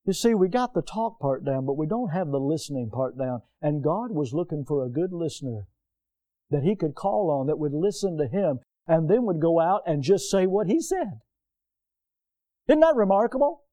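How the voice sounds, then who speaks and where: A man preaching a sermon from the pulpit in a lively, conversational way, full of repetition and everyday asides. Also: a little high, moderate pace. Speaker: pastor. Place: church.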